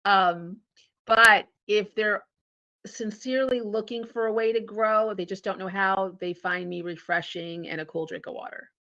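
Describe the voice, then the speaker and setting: Woman, interview guest, animated storyteller, acts out dialogue, mid-pitched voice, dull lo-fi sound. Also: unhurried. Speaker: guest, founder and CEO. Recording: dull lo-fi audio.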